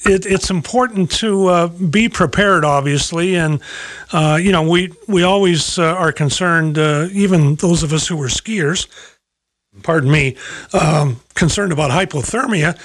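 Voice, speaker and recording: A man hosting a morning radio show, talking in a halting way with many fillers and small chuckles. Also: a little high, a bit bright, no room sound. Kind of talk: casual morning radio interview.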